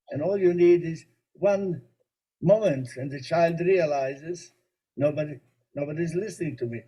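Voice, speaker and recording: A man who is a rabbi, giving a spiritual teaching talk that he fills with stories and gentle humor. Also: a little high, husky, poor audio. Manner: storytelling, gently humorous, warmly explanatory.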